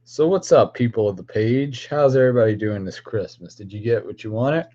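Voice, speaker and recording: A man's voice: medium pitch, a little fast, mellow. Man, confrontational profane rant, casual stream talk, dull lo-fi sound.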